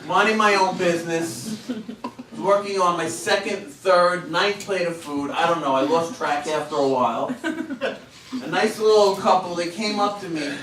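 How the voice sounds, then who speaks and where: A high-pitched man in his forties performs a stand-up set in a comedy club, landing self-mocking punchlines and slipping into voices for the people in his stories. The room rings with echo and the mic sits at a distance. A packed crowd laughs loudly throughout. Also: normal speed, a little hiss or hum. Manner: punchy self-deprecating delivery with act-out voices. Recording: echoey club taped from afar. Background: audience laughter.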